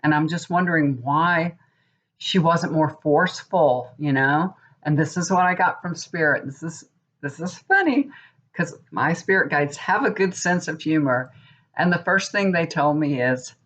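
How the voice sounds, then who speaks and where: Woman, 50s, psychic vlogger, casual rambling chat, worked up, muffled lo-fi sound. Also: sits low. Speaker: tarot reader and psychic. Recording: dull lo-fi recording.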